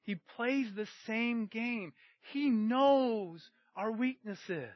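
A middle-aged man preaching a sermon, swinging between shouted emphasis and quiet storytelling. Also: extremely high pitch, lively intonation, very slow, no room sound. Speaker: pastor. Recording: dry, muffled recording.

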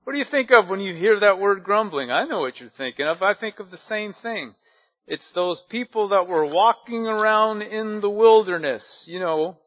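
A male pastor with a somewhat high voice preaches a sermon in an easy, conversational way, often stopping to put rhetorical questions to his listeners. The recording sounds a little dull and lo-fi. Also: brisk. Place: church service.

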